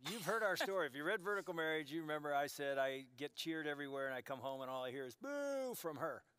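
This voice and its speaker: A man in his sixties sharing a conversational sermon as a pastor, earnest and dropping to soft emphasis. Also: a little high, fairly even intonation, rapid-fire.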